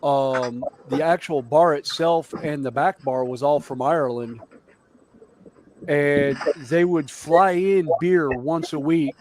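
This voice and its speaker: Man, casual storyteller, jokey and rambling, fairly high voice, faint hiss. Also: darkish tone, rough recording. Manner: rambling, jokey, many fillers. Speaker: guest on a hobby livestream.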